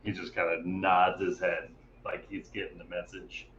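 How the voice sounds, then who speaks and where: A man's voice: deep voice, level tone, normal speed, fairly bright tone. A man playing a tabletop game, easygoingly describing his character's moves. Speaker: player. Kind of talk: casual tabletop role-play. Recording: echoey, dull-sounding mic with faint noise.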